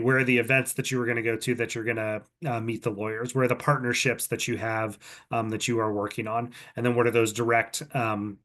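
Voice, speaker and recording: A man's voice: medium pitch, fairly bright tone. Man casually explaining slides, lots of ums. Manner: casual, filler-heavy, conversational explaining with frequent ums. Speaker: competition organizer presenting to student entrants. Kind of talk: recorded online presentation. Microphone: computer mic on a video call.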